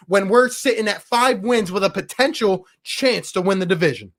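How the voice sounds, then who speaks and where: On a live postgame sports show, a man with a strikingly high-pitched voice rants with exasperated passion, sighing over every bad call and dropping casual slang like "bro" and "my guy." He talks at a moderate pace with hardly any pauses.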